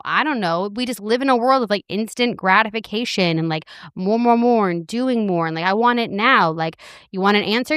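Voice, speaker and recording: A woman's voice: medium pitch, fairly bright tone, clean tone, no room sound, clean studio sound. A woman in her thirties hosting a solo podcast from her couch, talking candidly and self-deprecatingly and swearing freely. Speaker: podcast host. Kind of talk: casual solo podcast monologue. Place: living room couch.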